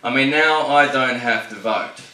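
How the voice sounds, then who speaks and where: An Australian-accented man with an unhurried mid-range voice performs a brash, profane stand-up set with punchy delivery on a club stage. The recording is noisy and echoey, captured from a distance.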